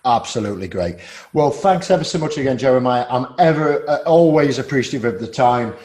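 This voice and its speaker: A man hosting a sales podcast in a loose, chatty way. His voice sits at an ordinary middle pitch, and he tells stories freely and rounds off with friendly sign-offs. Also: animated, fairly quick, a little mellow. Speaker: podcast host. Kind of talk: casual interview chat.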